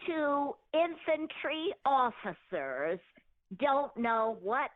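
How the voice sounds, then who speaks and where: An older woman telling a family story on a phone call, animated, laughing often and acting out what people said. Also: high-pitched, drawn-out words, no echo. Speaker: mother of the host, phone guest.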